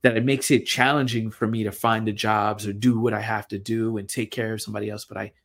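A young man hosting his own show, talking through personal reflections in a halting way with lots of fillers and repeated words. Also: on the low side, little pitch movement. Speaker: podcast host. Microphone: camera mic.

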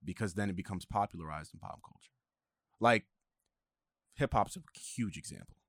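A man hosting a podcast in casual chat, halting and full of fillers, often restarting his sentences. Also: low-pitched, breathy edge, dry recording, clean studio sound. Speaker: podcast host.

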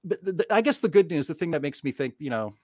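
A man co-hosting a casual political talk show, speaking in a sarcastic, animated way. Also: on the high side, quick pace, dry recording, studio quality. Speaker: podcast co-host.

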